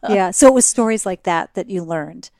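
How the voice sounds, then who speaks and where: A woman's voice: lowish voice, normal speed, vocal fry, a little mellow, no echo, studio quality. A woman interviewing her guest in a casual conversation, engaged and encouraging.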